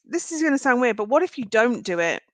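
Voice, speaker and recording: A tarot reader does a live-stream card reading, chatting directly with her viewers. Her voice is a little high and a bit bright with a sing-song lilt, she talks fast, and there's no room sound.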